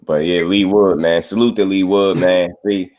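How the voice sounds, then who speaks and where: Guy hosting a boxing chat, lowish voice, laughs a lot, slangy banter. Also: fairly even intonation, moderate pace, a little mellow. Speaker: podcast host.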